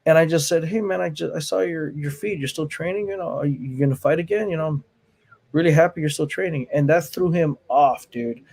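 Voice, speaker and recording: Man with an animated storytelling voice. He acts out quotes, swears freely and laughs between lines. A martial arts instructor in relaxed conversation. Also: a little high, a little fast, gravelly, husky. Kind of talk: casual chat, storytelling.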